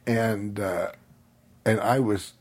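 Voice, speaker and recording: A man's voice: lowish voice, steady tone, slow. A man as a podcast guest, telling a long personal story in a loose, rambling way with lots of fillers, often laughing as he talks. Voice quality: husky. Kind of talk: relaxed storytelling.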